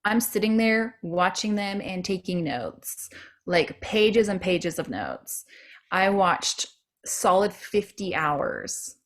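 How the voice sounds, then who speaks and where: A woman telling her story in a measured, determined way on a video call. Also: medium pitch. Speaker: panelist. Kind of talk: casual video call discussion.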